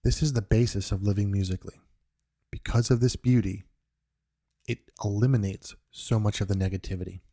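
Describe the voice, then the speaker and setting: Podcast host, male, from New York, earnest and reflective, mellow and lowish, unscripted monologue. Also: steady tone, a little fast. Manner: earnest, reflective, with frequent restarts.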